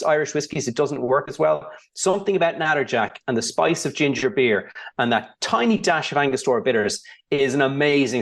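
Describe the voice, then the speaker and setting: A man, a founder who is a guest on a podcast, telling stories in a relaxed way and often restarting his sentences. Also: mid-range voice. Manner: relaxed storytelling, many restarts. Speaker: whiskey brand founder, guest. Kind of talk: casual interview chat.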